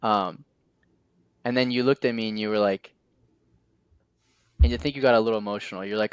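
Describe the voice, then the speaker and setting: A man's voice: on the low side, fairly even intonation, a little fast, pauses often, clean tone, no echo. A young man hosting a podcast, telling a personal story in a casual, rambling way with many fillers and restarts. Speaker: podcast host. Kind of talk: casual heartfelt conversation.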